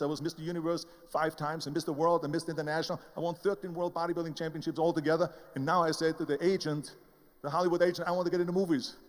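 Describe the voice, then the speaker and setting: An older motivational speaker with an Austrian German accent gives an emphatic speech, recounting his own story and voicing the people in it. His voice is fairly high, and the sound carries like a big room.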